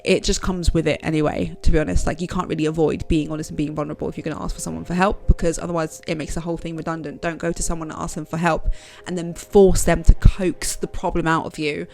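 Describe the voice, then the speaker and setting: A woman with a fairly low, creaky voice speaks to camera in a casual vlog, offering frank, direct motivational advice to her viewers as a self-help vlogger.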